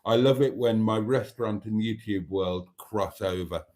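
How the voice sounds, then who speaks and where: A man's voice: fairly low pitch, normal speed, darkish tone. Male live-stream host, casual and chatty, reads comments aloud.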